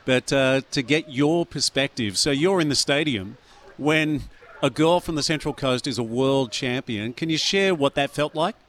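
A male radio host who leads the interview in a conversational way. His voice sits at an ordinary middle pitch. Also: normal speed, a bit bright.

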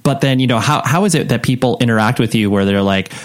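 A man's voice: medium pitch, fast. A man hosting a podcast, asking questions in a rambling, hesitant way with lots of fillers. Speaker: podcast host. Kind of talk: casual interview questions.

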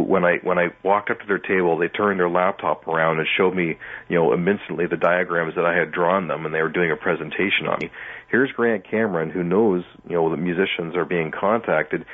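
Deep husky man on a phone line. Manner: animated, acts out his own past reactions. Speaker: guest musician. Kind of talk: casual interview storytelling.

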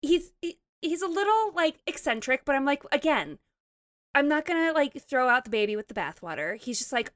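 A woman from Montana in casual chat, telling a dating story with animated, playful quoting. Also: sits high, a little fast, dry recording, studio quality. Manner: animated storytelling, quotes people in playful voices.

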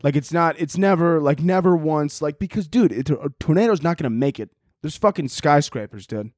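A man's voice: fairly high pitch, expressive, a little fast, darkish tone, dry recording, studio quality. A man hosting a podcast, ranting casually, swearing often and laughing at his own jokes. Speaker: podcast host. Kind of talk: casual comedic rant.

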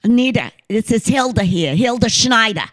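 A woman playing a brisk, gatekeeping secretary with a broad Queens accent, pitched well above the speaker's own voice and louder. She is pushy and chatty and keeps talking over everyone. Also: lively intonation, no room sound, natural voice. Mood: brisk, insistent. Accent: Queens, New York. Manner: bossy, chatty, insistent.

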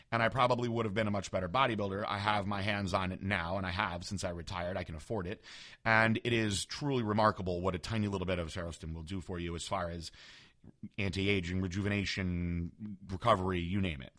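A man's voice: lowish voice, fairly bright tone. A man in his thirties, a former bodybuilder, telling a candid story in a casual monologue. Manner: candid, frank, conversational.

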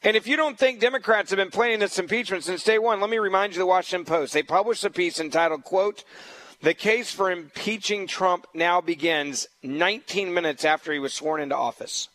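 Sitting in as a political talk radio host, a man argues combatively and emphatically, circling back to the same points. He speaks a little fast in a high, slightly bright voice, and the audio quality is poor.

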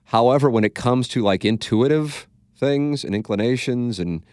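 A man's voice: mid-range voice, moderate pace, a little mellow, dry recording. A man with a St. hosting a podcast, telling stories in a blunt, profane, casual way and acting out quotes. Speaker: podcast host. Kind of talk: casual storytelling chat.

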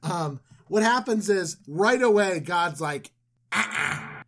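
Animated, jokey storyteller. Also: mid-range voice, slow. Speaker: podcast co-host. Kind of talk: comedic Bible retelling chat.

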